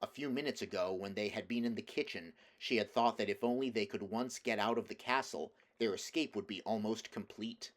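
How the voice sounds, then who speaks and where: A man reads a storybook aloud in a steady, measured way, his voice sitting on the lower side. He now and then backs up to restart a phrase, keeping an even narrator's pace. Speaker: audiobook reader.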